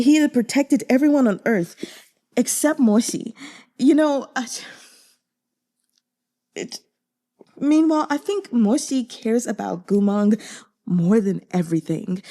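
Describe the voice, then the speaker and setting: A woman's voice: on the high side, mellow. A woman reading a novel aloud who then talks candidly and in exasperation about it, using lots of fillers. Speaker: audiobook reader. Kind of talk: casual reader commentary.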